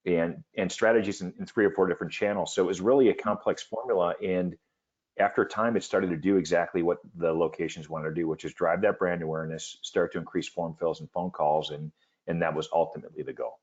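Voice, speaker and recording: Deep-voiced man hosting a webinar. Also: fairly even intonation, a little fast, a little mellow, highs cut off. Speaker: webinar host. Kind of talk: business webinar presentation.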